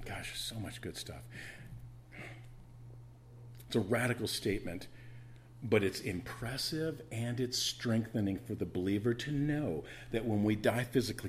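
Animated low-voiced male pastor preaching. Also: normal speed, long pauses, a little hiss or hum. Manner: animated, swings from loud to hushed, stammering restarts. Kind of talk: sermon.

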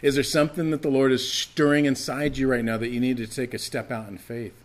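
Man preaching an animated sermon. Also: medium pitch, fairly quick. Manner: animated, acts out quoted lines, rising to emphatic calls. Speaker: pastor.

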